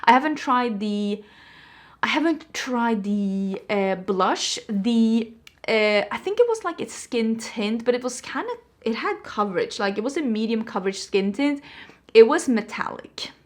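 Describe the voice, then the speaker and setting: A woman's voice: fairly high pitch, expressive, measured pace. A woman vlogger chatting casually about products, rambling with frank opinions, her voice a little stuffy from allergies. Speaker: beauty vlogger. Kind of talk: casual product review chat. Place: indoors at home.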